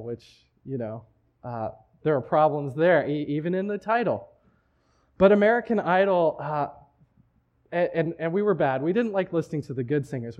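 A man's voice: on the high side, lo-fi sound. A man preaching a sermon in a church, talking in a conversational way with frequent restarts. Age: adult, married. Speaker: pastor.

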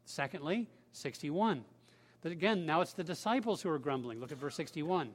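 A man's voice: a little high, expressive, moderate pace. Emphatic man preaching in a reverberant hall. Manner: conversational, emphatic, with casual asides. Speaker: pastor. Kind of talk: sermon.

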